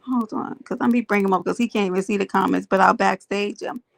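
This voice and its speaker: A woman's voice: mid-range voice, fairly even intonation, quick pace, gravelly, no room sound. A woman hosting a casual livestream, greeting viewers by name and making emphatic points to her chat. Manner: emphatic, preachy asides. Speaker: livestream host.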